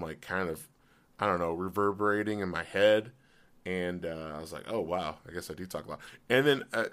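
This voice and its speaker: A man hosting a casual solo podcast, his voice hoarse and cracking in and out, rambling with many fillers. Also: fairly bright tone. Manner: pitch jumps as voice cracks. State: voice partly gone, hoarse. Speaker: podcast host.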